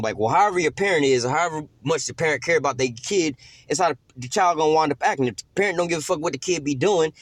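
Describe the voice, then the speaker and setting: A young man preaching, his talk rambling, profane and full of slang. He speaks quickly, in a voice a little higher than most men's. The recording is close and dry, with no room around it. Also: no room sound. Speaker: scripture teacher. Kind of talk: informal sermon.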